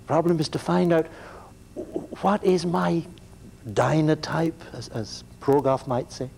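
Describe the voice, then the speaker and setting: Mellow, joking male lecturer. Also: a little high, steady tone, unhurried, gravelly, slight background noise. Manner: digressive, joking, conversational. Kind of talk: classroom lecture.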